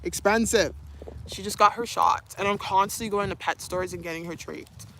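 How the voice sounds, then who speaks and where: A woman's voice: medium pitch, moderate pace, fairly bright tone, a little hiss or hum. A young woman streaming live, chatting casually, reading viewer comments, laughing often and cooing to her dog. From Canada.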